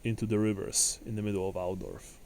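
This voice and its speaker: A man voicing a solemn male city official who speaks in a measured, formal and grave way. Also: on the low side, flat delivery, a little mellow, slight background noise, close to an everyday voice.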